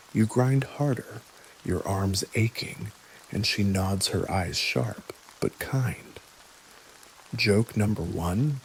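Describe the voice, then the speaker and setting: A man gently telling a scripted bedtime history story in the second person, with dry little jokes. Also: fairly low pitch, slight background noise, rough recording. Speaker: narrator. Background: soft rain.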